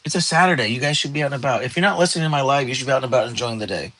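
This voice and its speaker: Middle-aged male livestream host, worn out and yawning, bright dry voice, loose chatty delivery. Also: mid-range voice, racing, dry recording, poor audio. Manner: chatty, rambling, reads and answers chat comments. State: tired, yawning. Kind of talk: casual livestream chat. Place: his bedroom.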